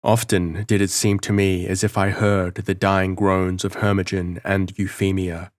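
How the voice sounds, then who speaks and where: A man reading a gothic novel as an audiobook narrator in a measured, dramatic manner. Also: deep voice, level tone, no room sound, studio quality.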